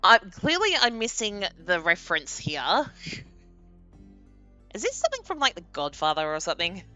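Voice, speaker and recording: Animated, lively-voiced woman streamer. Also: medium pitch, moderate pace, faint music behind. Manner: chatty and animated, laughing often. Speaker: game streamer. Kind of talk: casual live-stream chat.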